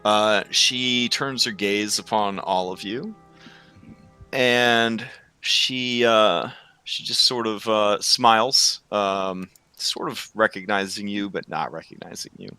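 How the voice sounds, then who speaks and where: A man's voice: lowish voice, fairly even intonation, takes it slowly, bright, forceful tone, smooth, no room sound, soft background music. A man narrating as game master for a tabletop game, rambling with many fillers.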